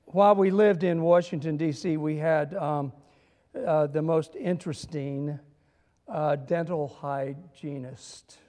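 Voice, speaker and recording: High-voiced minister preaching with echoing reverb. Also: male voice, steady tone, measured pace, warm tone. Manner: storytelling with humor and dramatic emphasis. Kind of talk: sermon.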